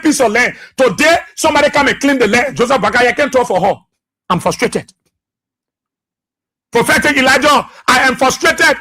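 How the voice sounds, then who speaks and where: A man with a Liberian accent hosting political talk radio, impassioned and repetitive, with a husky voice. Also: very high voice, bright, forceful tone. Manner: repetitive, impassioned, laughing jabs at opponents. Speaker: radio station boss and talk show host.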